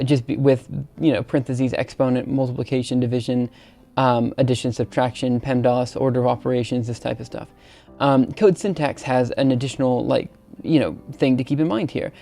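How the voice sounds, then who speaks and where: A young man talking on a live stream, circling his thoughts with lots of ums and false starts. His voice has a gravelly fry to it, sitting at an ordinary pitch. Faint music plays behind him. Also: mellow, no room sound. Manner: hesitant, many ums and restarts. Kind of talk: rambling casual live stream talk.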